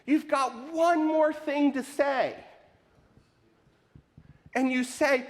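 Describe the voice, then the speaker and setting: A man preaching a sermon to his congregation, animated and questioning, with lots of rhetorical repetition. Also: very high voice, extremely slow, long pauses. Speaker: pastor. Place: church sanctuary. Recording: live in a reverberant sanctuary.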